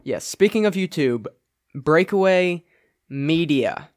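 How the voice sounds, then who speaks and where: Young guy cohosting a podcast, kinda high voice, rambly, says like a lot. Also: lively intonation, slow. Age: young adult. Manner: rambling, filler-heavy, laughs often. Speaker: podcast co-host. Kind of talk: casual chat.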